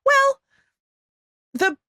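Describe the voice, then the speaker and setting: A woman's voice: very slow, pushed and bright, no room sound, studio quality. A woman co-hosting a podcast in casual, playful, giggly chat. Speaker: co-host.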